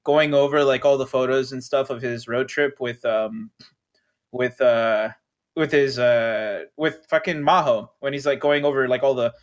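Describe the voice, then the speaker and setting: A man's voice: mid-range voice, steady tone, a little slow. A man chatting casually about an anime series, rambling with frequent fillers, restarts and swearing. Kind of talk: casual chat.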